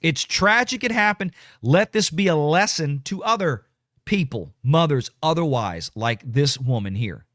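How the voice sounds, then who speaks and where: Man, blunt ranting livestream host, lively voice, higher pitch, dry sound. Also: measured pace, dry recording. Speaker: show host reading super chats. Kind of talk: casual political commentary livestream.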